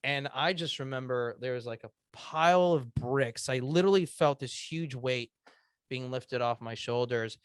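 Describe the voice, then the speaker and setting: A podcast guest, a man in his thirties, earnestly relates a personal story full of emotion, stopping often with "um" and restarts. His mid-range voice has a clean tone, and there's no room sound.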